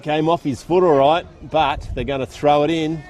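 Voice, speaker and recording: A man's voice: a little high, fairly even intonation, moderate pace, a little mellow. A man with an Australian accent giving live play-by-play commentary at a country football ground, chatty and full of local slang.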